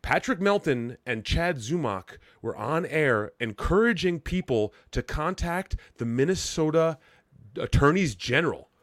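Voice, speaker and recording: A man's voice: fairly high pitch, expressive, unhurried, fairly bright tone, dry recording, studio quality. A man co-hosting a podcast in casual, rambling banter, swearing freely and laughing often. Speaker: podcast co-host.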